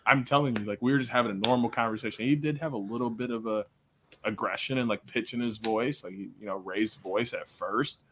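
A young man, a podcast co-host and coach, telling a story in casual chat, animated and laughing, full of filler words. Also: medium pitch, a little fast, slight background noise.

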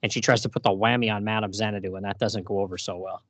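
A man casually recapping a comic story on a podcast. He laughs often and reads the characters' lines in quick put-on voices. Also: lowish voice, fairly even intonation, a bit bright, no echo. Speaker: podcast co-host.

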